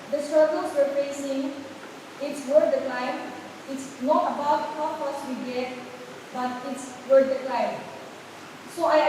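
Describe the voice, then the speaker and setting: A young woman with a Naga accent giving an earnest debate speech that appeals for unity. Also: sits high. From Nagaland, India. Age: young adult. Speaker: debate speaker. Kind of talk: formal competitive debate speech. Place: school hall. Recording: echoey hall, distant mic, hissy noise.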